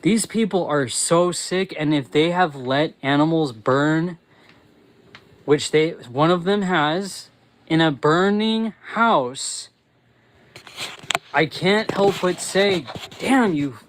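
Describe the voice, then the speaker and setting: A man on a live stream, angry and profane, who stumbles through his phrases and restarts them. His voice sits a touch high and climbs sharply when his rage boils over into shouting. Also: low-quality recording. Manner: angry, swearing, yelling in bursts; halting, restarts mid-phrase. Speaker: livestream host. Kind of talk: live-stream rant and chat reading.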